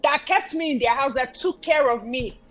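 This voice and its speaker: A woman's voice: sits high, moderate pace, low-quality recording. A woman giving earnest, preachy advice in a casual talk show chat, repeating phrases for emphasis. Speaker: guest commentator.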